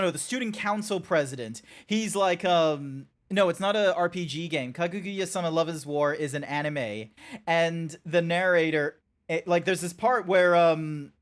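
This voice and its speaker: A young Australian man streaming a game, chatting excitably and rambling with frequent laughter. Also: high-pitched. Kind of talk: casual game-stream chat.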